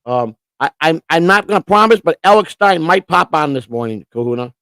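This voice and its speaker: A man with a fairly high, lively, brisk voice, slightly bright and clean, recorded dry, hosts a casual live-stream chat show. He rambles and stammers, restarting again and again, speaking through a computer setup with earphones.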